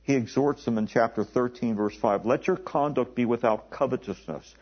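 A man preaching a sermon in a conversational way, often repeating words and slowing down to stress the scripture he quotes. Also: medium pitch, slightly rough. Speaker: pastor. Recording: dull lo-fi recording.

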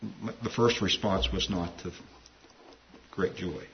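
Low-voiced pastor preaching casually. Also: male voice, steady tone, slow pace, creaky. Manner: conversational, digressive, with asides. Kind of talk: sermon. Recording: dull lo-fi sound with faint hiss.

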